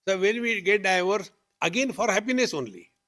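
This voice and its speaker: Man giving a lively spiritual talk. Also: sits high, a little fast. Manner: lively storytelling, acts out dialogue with rising questions. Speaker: spiritual teacher. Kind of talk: spiritual discourse. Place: retreat hall.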